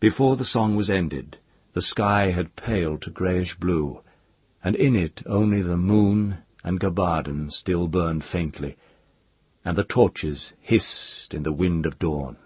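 Male audiobook narrator: measured calm reading, slow pace, very breathy, raspy texture. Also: low voice, no room sound.

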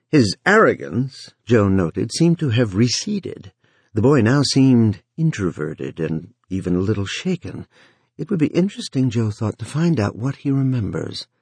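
A man narrating an audiobook in a measured, expressive way. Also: on the low side, slightly rough, dry recording. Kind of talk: scripted narration.

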